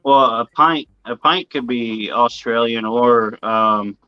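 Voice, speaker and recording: A man's voice: mid-range voice, takes it slowly, clear, resonant tone, dry recording, dull audio. A man guest in a casual interview, telling rambling stories and swearing casually.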